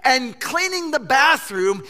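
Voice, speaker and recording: A male pastor preaching a sermon, telling funny stories in an animated way. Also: very high-pitched, slow. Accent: Southern US. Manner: animated storytelling with jokes.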